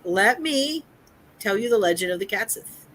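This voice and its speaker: Stream host, crisp bright tone; casual live chat, reads folklore text with restarts. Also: medium pitch, animated, moderate pace, slight background noise, low-quality recording. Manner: reads from an article with frequent restarts.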